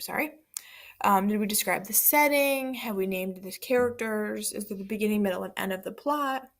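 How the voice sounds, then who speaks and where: A woman teacher leading a second-grade reading lesson, explaining words and reading a story aloud. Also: mid-range voice.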